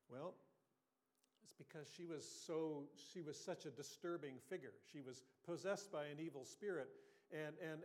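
A man preaching a sermon in an earnest, conversational way, asking his listeners questions and sometimes restarting his sentences. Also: on the high side. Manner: occasional restarts and throat clearing. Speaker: pastor.

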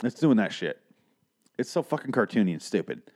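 A man's voice: fairly low pitch, very animated, brisk, darkish tone. A man in his thirties casually recapping a film, sarcastic and exasperated, swearing freely. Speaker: film reviewer.

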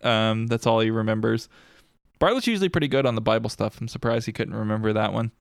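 A man talks through a TV episode in a loose, easygoing way. His voice sits low with a gravelly edge. It stays smooth and resonant, and the recording is close and dry. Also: fast talker, no echo. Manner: laid-back, laughs often, summarizes scenes. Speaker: podcast co-host recapping an episode. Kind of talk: casual chat.

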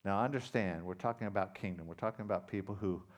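A man preaching a sermon as pastor, retelling a parable with dramatic emphasis that swings from loud to quiet. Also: sits low, fast. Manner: dramatic storytelling, loud rising emphasis then quiet intensity.

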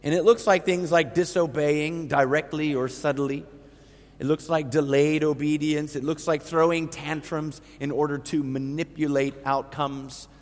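A middle-aged man preaching a sermon, with emphatic, lively storytelling. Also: on the high side, measured pace. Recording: long reverb of a large hall.

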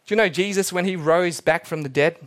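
A man's voice: high-pitched, brisk. A male pastor preaching a sermon, dramatic, repeating key words and dropping his voice almost to a whisper for emphasis.

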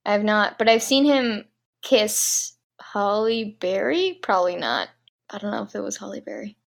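A woman's voice: medium pitch, animated, normal speed, creaky. A woman co-hosting a casual movie podcast, teasing her co-host and setting up silly scenarios. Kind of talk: casual chat.

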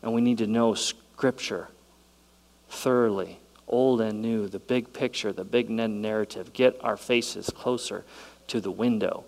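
A man preaching a sermon, shifting between quiet reflective passages and loud, excited storytelling. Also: on the low side, measured pace, vocal fry, rough recording. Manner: dynamic preaching, swings from soft to loud and excited. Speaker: pastor.

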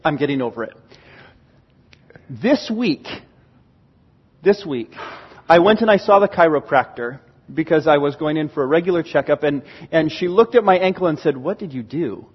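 A man, a pastor, preaching a sermon and telling stories with animated, acted-out exclamations. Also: a little high, moderate pace, pauses often, slightly rough. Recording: dull, lo-fi recording with long hall reverb.

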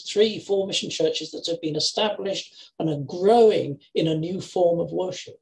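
An older man preaching an earnest sermon over a video call, with measured phrasing and emphatic repetitions. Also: on the high side, vocal fry, poor audio. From England, Lincoln. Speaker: lay preacher.

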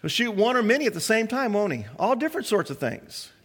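A man with a high-pitched voice delivers a sermon, asking his listeners question after question. His voice carries a long reverb, as if from a large hall. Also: big pitch swings, fast talker, a bit bright, breathy edge. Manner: preaching with many rhetorical questions to the congregation. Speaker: pastor.

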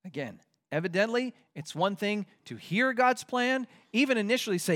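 Male pastor, higher-pitched, expository sermon delivery with lively acted-out complaints. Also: moderate pace. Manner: expository preaching with acted-out complaints and rising emphasis.

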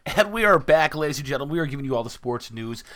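A man co-hosting a comic show, talking in halting bursts with stumbling restarts. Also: medium pitch, expressive, fairly bright tone, soft background music. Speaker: co-host. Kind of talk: comic banter.

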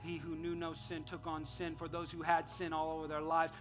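A middle-aged man preaching a sermon as pastor. He is playful and laughs at his own jokes, and he swings between loud acted-out bits and quiet, earnest talk. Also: a little high, completely flat delivery, a little fast, music in the background.

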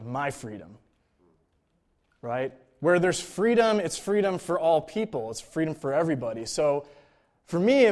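A man preaching a sermon in a relaxed, conversational way, often checking in with "right?" and "like.". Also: a little high. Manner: casual, informal, frequent "like" and "right?" check-ins.

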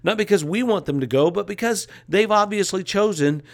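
A man's voice: high voice, a little fast. A man preaching a sermon as a pastor, with a repetitive, emphatic cadence and casual asides.

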